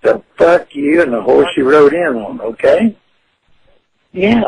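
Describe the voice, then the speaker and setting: A man's voice: a little high, big pitch swings, measured pace, creaky, a little mellow. A furious man on a phone call who taunts and curses the caller in a profane rant. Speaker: prank call target. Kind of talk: angry phone argument.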